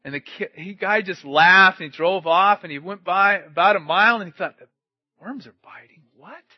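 Male preacher, high voice, dramatic loud-to-hushed delivery, dry muffled recording. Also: normal speed, no room sound. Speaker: pastor. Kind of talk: sermon.

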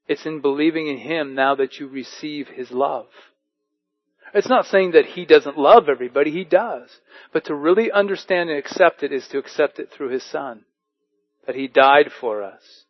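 A man preaching a sermon as pastor, reading scripture and telling animated stories. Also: medium pitch, lo-fi sound.

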